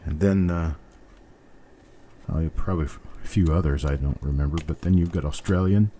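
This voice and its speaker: This older American host of a coin roll hunt livestream has an extremely low, dark voice and talks a little fast, with slight background noise behind him. He rambles casually with his viewers, easygoing and quick to chuckle, in a general American accent.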